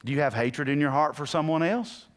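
A man delivers a sermon from the pulpit of a church, his voice sitting a little higher than most men's. He swings from hushed, intimate passages to loud, driving ones. He keeps throwing questions out to the congregation. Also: fairly quick. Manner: dynamic preaching, swinging between hushed and loud. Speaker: pastor.

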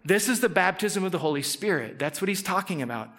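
A man's voice: high voice, lively intonation, quick pace, fairly bright tone. A man preaching a conversational sermon to a live gathering, joking with the audience and acting out people's inner thoughts. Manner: conversational, jokes with the audience, acts out inner voices. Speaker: pastor.

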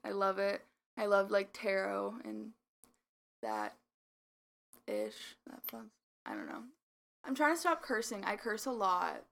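A woman's voice: medium pitch, measured pace, creaky, pauses often. An eighteen-year-old woman co-hosting a casual podcast, telling stories with lots of laughter and "like". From United States. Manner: giggly, animated storytelling with frequent "like". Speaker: podcast co-host. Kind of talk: casual chat.

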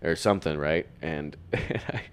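A young man with a very low, deep voice tells a meandering, self-mocking story in a relaxed podcast chat. He swears freely and laughs at himself often. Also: moderate pace, smooth.

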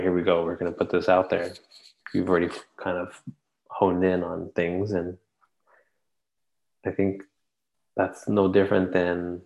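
Low gravelly man, casual podcast chat. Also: darkish tone, muffled recording. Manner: rambling, hesitant with frequent restarts. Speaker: podcast co-host.

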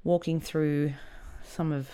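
Her voice sits low and smooth, warm in tone, and she speaks slowly on a level pitch. As a podcast host, she recounts a personal story in an open, conversational manner full of fillers.

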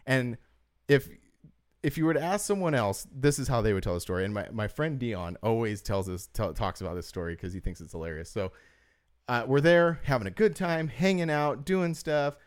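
A man's voice: mid-range voice, lively intonation, normal speed. A man co-hosting a podcast, chatting casually and telling long stories full of fillers. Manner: rambling storyteller, heavy use of "like". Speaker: podcast co-host. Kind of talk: casual chat.

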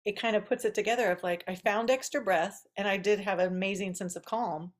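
A woman's voice: mid-range voice, steady tone, a little fast. A woman hosting a podcast, telling a childhood story in casual chat, chatty and given to laughing and trailing asides. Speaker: podcast host.

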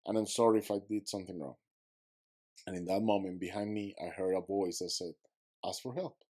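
A man's voice: deep voice, fairly even intonation, brisk, warm tone. A man who is a podcast guest, telling a vivid story and acting out his own quotes, in slightly broken English.

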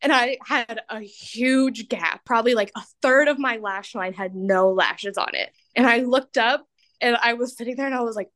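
Chatty young woman, a touch high. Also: moderate pace, fairly bright tone. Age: 20s. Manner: chatty, laughs often, self-mocking. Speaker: podcast guest. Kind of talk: candid personal storytelling.

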